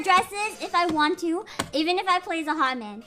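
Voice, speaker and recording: A young woman streaming a game live, reacting excitably, swearing often and yelling at the game. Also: extremely high pitch, moderate pace. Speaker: VTuber streamer. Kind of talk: live gameplay commentary. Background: game music.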